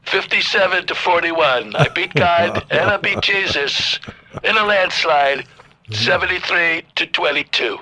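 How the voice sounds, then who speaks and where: A man's voice: high-pitched, expressive, measured pace, sharp tone, exaggerated voice. A man doing a boastful, taunting politician impression, heard with some echo and noise. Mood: boasting.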